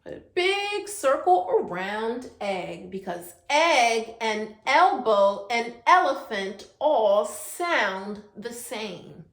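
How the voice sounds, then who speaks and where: Sing-song preschool teacher woman, high and lively. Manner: sing-song, drawn-out sounds, coaxing questions. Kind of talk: virtual preschool class. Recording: echoey room.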